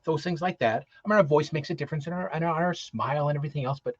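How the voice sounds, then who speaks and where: A man's voice: a little high, racing, no room sound, muffled recording. A man who performs as Santa, giving a rambling, encouraging talk full of restarts and fillers. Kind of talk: casual motivational talk.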